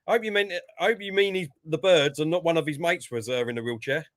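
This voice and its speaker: Man, high voice, excitable match commentary, dry close sound. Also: quick pace, dry recording. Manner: excitable, jumps up in pitch when play gets lively. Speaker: co-host giving match commentary. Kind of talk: casual live match commentary and chat.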